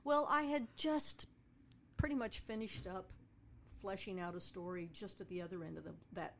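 Gravelly-voiced woman telling a story. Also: mid-range voice, moderate pace, a little hiss or hum. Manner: animated, acts out voices of people in her stories. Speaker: storyteller and tour guide. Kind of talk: casual storytelling.

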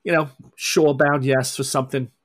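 A man's voice: medium pitch, fairly even intonation, fairly quick, natural voice. A man voicing a wry, swaggering Scottish woman vampire in a tabletop game, with a folksy, teasing drawl. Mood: sheepish. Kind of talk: tabletop role-play voicing.

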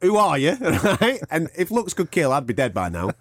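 Story-telling English podcast host, dry sound. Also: male voice, a little high, wildly swooping pitch, normal speed, no room sound. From England, outside Liverpool. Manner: swearing, storytelling, acts out other people's lines. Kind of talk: casual chat.

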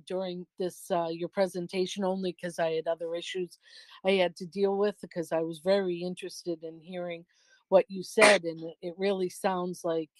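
A woman's voice: fairly low pitch, no echo. A woman host speaking to a guest, sympathetic and stumbling over her words. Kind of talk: interview conversation.

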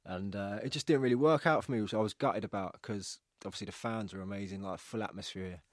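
A man telling stories in a casual podcast interview, animated and swearing, acting out what others said. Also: fairly low pitch, fast talker, no echo, studio quality. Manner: animated storyteller, acts out quoted dialogue, swears. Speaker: guest, retired footballer.

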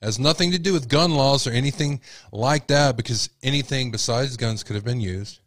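A man's voice: medium pitch, fairly quick, fairly bright tone, no room sound. A man hosting a casual commentary show, blunt and opinionated. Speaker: commentary host.

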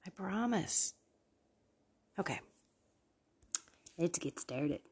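A tired woman whispers her devotional podcast late at night, her voice extremely breathy and husky. She talks slowly, in a lowish register. Her tone is earnest and encouraging throughout. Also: animated, darkish tone. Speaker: podcast host. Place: downstairs at home at night.

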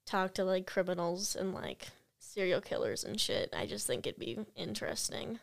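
A woman's voice: fairly low pitch, animated, moderate pace, gravelly. A young woman, a psychology student and podcast guest, chatting and telling stories with lots of "like" fillers. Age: young adult. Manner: chatty storyteller, many "like" fillers. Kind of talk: casual podcast chat.

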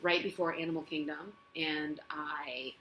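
A woman, an actress, tells stories on herself in a loose, chatty interview. Her voice is bright and forward, and she fills gaps with plenty of ums and likes. The sound carries the echo of the living room of her own apartment. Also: low-pitched, fairly even intonation, unhurried, a little hiss or hum. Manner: chatty, self-mocking, many fillers. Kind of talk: casual storytelling interview.

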